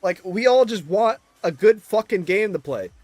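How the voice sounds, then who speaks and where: A man's voice: sits high, animated, moderate pace, darkish tone, no echo, faint music behind. A man ranting in casual chat, exasperated and swearing constantly.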